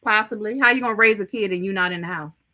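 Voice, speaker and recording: A woman's voice: mid-range voice, fast talker, sharp tone. A woman on a livestream panel, speaking bluntly and combatively, swearing as she pushes back. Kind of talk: heated panel discussion.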